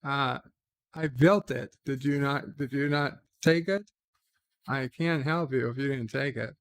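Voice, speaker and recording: Steady and fairly bright, his mid-range voice runs a bit slow. A man hosts a laid-back late-night live stream, voicing viewer comments and responding casually, with many "uh" pauses.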